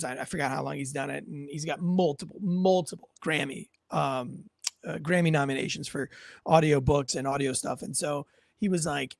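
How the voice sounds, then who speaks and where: A man's voice: a little high, fairly even intonation, moderate pace, gravelly, no echo. A man hosting a podcast in a casual, rambling storytelling way, often restarting his sentences. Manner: rambling, self-correcting storyteller. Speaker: podcast host.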